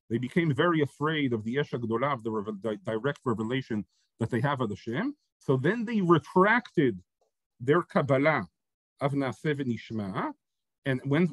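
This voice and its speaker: A man teaching a Torah text-study lesson. He reads Hebrew sources quickly, explains them step by step in English, and keeps checking in with "right?" and "okay?". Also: mid-range voice, no room sound, rough recording.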